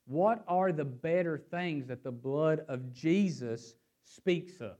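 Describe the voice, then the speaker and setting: Animated male preacher, fairly high voice. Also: slow pace, few pauses. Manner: animated, rising and falling emphasis; repeats words as he thinks aloud. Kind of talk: sermon with scripture reading.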